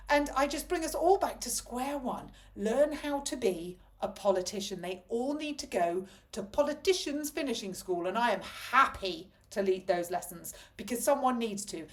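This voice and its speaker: A woman's voice: medium pitch, animated, normal speed, hardly any pauses. Sarcastic woman ranting. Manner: indignant, sarcastic, emphatic. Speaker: political commentator. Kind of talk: ranting political commentary to camera.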